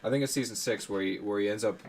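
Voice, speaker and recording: A man's voice: lowish voice, fast. A man co-hosting a pop-culture podcast, chatting casually and joking with his friends. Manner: jokey, quotes lines in put-on voices. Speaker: podcast co-host. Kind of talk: casual chat.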